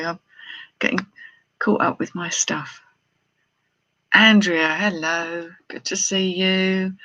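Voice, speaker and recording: A middle-aged woman with a fairly low but fairly bright voice chats casually on a live haul stream, unboxing pieces as a jewellery reseller. She exclaims and thinks aloud to her viewers, captured in lo-fi sound.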